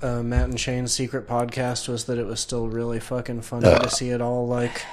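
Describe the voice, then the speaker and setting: A man hosting a podcast, chatting casually and crudely, often bursting into loud laughter. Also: mid-range voice, completely flat delivery, normal speed, background noise. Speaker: podcast host.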